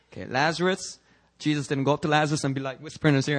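A male pastor preaching a fervent sermon that rises into shouting, then leading prayer. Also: on the high side, rapid-fire.

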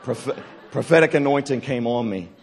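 A man preaching at a church retreat, telling a personal testimony in an animated, joking way and acting out the scenes. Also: mid-range voice, moderate pace, gravelly, husky. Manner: animated, joking storyteller who acts out scenes. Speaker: retreat speaker. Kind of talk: testimony-style sermon to a live audience.

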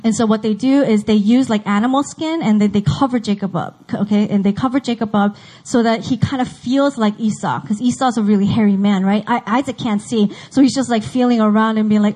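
A woman's voice: mid-range voice, steady tone, a little fast, hardly any pauses, mellow, rough recording. A woman teaching a Bible story in a casual, chatty way, acting out the characters' lines.

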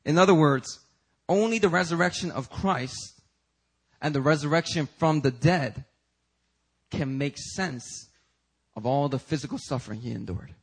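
Husky high-voiced man preaching. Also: moderate pace, pauses often. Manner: emphatic, rising rhetorical questions. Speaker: pastor. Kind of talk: sermon. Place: church service.

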